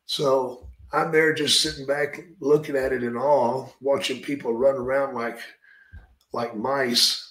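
A man's voice: mid-range voice, little pitch movement, unhurried, a bit bright, echoey room, poor audio. A man telling a long story in a drawling, profane way, leaning on "brother" and "man". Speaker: podcast host and retired wrestler telling stories. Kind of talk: casual storytelling.

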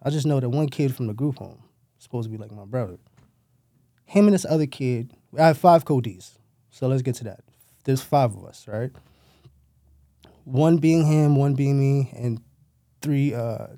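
A man's voice: medium pitch, warm tone, dry recording, clean studio sound. A man, telling his own story in loose street slang with plenty of profanity and rambling asides. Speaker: former gang member telling his story. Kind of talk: casual storytelling.

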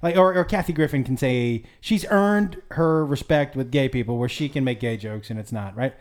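A man co-hosting a casual comedy podcast, talking in an excitable way, swearing freely and laughing often. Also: medium pitch, moderate pace. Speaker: podcast co-host, stand-up comedian.

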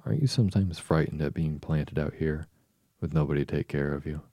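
A man voicing a curious, polite little girl in a soft bedtime reading. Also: extremely low pitch, a little fast, no room sound. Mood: wondering.

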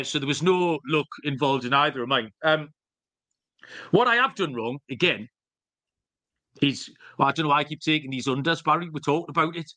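A man's voice: on the high side, bright, forceful tone. A middle-aged man co-hosting a podcast, telling rambling, jokey stories with some swearing in casual chat. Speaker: podcast co-host.

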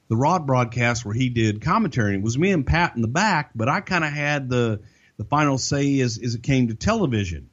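Brief: male podcast guest, animated profane storyteller, lively pitch, muffled audio. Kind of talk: casual anecdotal storytelling.

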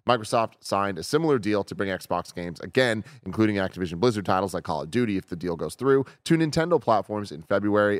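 A man with a lowish voice hosts a gaming news show, reading items aloud before breaking into loose, joking banter. The sound is close and dry, with no room around it. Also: no echo. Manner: reads stories aloud, then jokes with lively swearing. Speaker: podcast host reading news. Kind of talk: casual news chat.

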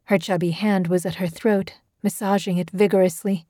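A woman reading a horror story aloud with a measured, steady storytelling delivery. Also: mid-range voice, dry recording, clean studio sound. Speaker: narrator. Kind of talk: scripted horror story narration.

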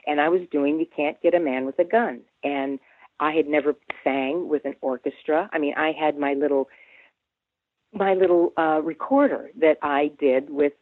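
A woman in her seventies, a guest on an interview, telling an anecdote in a lively way, humming tunes and restarting her sentences. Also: deep voice, no room sound. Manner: animated storyteller who hums tunes and restarts often. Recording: dry, tinny phone line.

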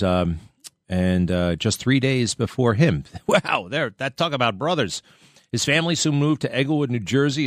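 A low-voiced man talks in a rambling, casual way, wandering into asides. The recording is dry and close. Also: dry recording. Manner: rambling, chatty, asides and laughs. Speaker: podcast host. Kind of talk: casual monologue.

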